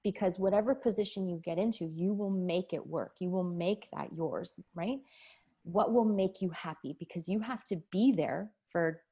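A woman's voice: lowish voice, moderate pace, mellow, slightly rough. A woman in her forties, a nurse and podcast guest, telling her story candidly and with feeling in a casual interview. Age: 40s. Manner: candid, emotional, laughs often.

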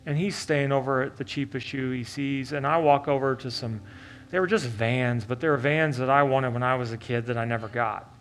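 A male pastor from Oklahoma telling a story in a sermon, animated and swinging from loud to hushed and earnest. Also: mid-range voice, fairly quick.

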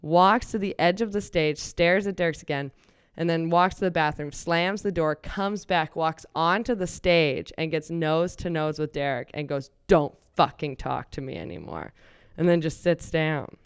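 A woman comedian telling stories in casual chat, animated, acting out the people she quotes. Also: fairly low pitch, clear, resonant tone, no room sound, studio quality. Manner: animated, quick storyteller who acts out the people she quotes. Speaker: comedian guest. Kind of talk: casual storytelling.

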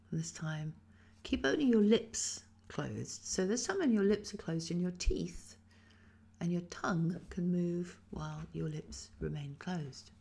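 Female voice teacher, husky and gravelly, calm instructive delivery with sound demonstrations. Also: low-pitched. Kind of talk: guided voice exercise.

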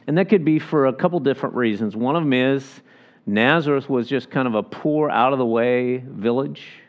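A man preaching a sermon in a relaxed, storytelling manner, his voice at a middle pitch. He walks through scripture and slips into the voices of the people he quotes. The recording sounds a little dull and lo-fi. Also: moderate pace. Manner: conversational, folksy Bible teaching with restarts and quoted voices. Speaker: pastor.

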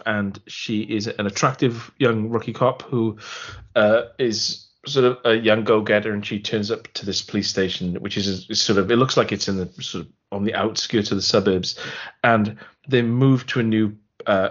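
Animated man reviewing a horror film. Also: fairly low pitch, slightly rough. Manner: animated storyteller, retells scenes with laughing asides. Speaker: podcast co-host. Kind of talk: casual film review chat. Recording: slightly muffled podcast audio.

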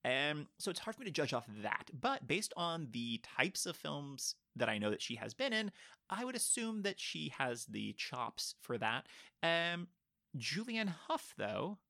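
Bright-voiced man chatting about films. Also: fairly high pitch, sing-song, unhurried, vocal fry. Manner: chatty, playful, puts on silly voices for jokes. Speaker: podcast co-host. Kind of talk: casual film discussion.

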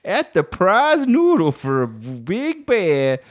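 A folksy, chirpy Southern cowboy mum, as a man puts her on for a laugh drawls her words slowly in a high, swooping sing-song. The accent is a broad put-on American Southern parody. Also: huge pitch swings, full character voice. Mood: hammy.

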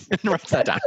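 A man's voice: dry recording, highs cut off. A man narrating as game master of a tabletop game, laughing often as he describes the scene.

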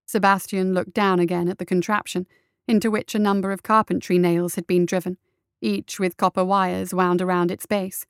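A woman narrating a story in a measured, even storytelling manner. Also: on the low side, clean tone, dry recording, studio quality. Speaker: audiobook narrator. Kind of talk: scripted narration.

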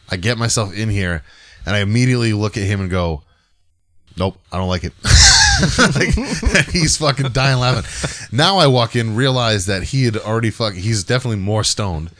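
A man's voice: lowish voice, moderate pace, a bit bright. A man co-hosting a podcast who tells long, rambling stories in casual chat, swearing freely. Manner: rambling, profane storytelling. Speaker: podcast co-host.

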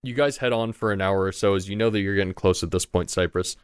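Young man, game master, low pitch, smooth voice, dry close sound, casual narration. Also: quick pace, no room sound. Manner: casual, loose narration with filler words.

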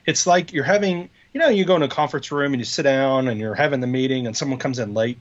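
A man's voice: mid-range voice, quick pace, highs cut off. A man co-hosting a podcast in casual tech chat, rambling and explaining with many fillers and restarts. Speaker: podcast co-host.

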